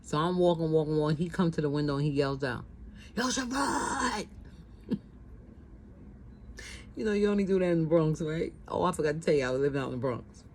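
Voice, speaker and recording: A woman's voice: low voice, rapid-fire, few pauses, warm tone, a little hiss or hum, rough recording. A middle-aged woman, telling a personal story in a casual, conversational way, repeating phrases and acting out what people said. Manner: conversational, repeats herself, acts out quotes.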